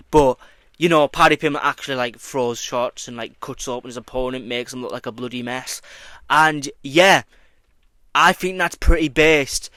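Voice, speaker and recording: A man's voice: medium pitch, moderate pace, clear, resonant tone, dry recording. A young man reacting to fight news in a casual vlog. He swears freely and mocks as he talks. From Britain. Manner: profane, mocking, excitable. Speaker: YouTuber commentating on combat sports.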